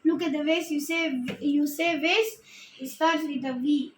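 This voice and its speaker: Woman reading teacher, high voice, slow careful delivery in an echoey room. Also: steady tone, slight background noise. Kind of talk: slow phonics lesson and read-aloud.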